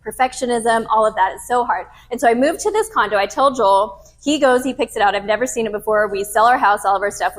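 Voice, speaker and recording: A woman in her thirties, a podcast host telling a candid personal story to a live group in a casual, frank way. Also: fairly high pitch. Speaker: podcast host and retreat leader.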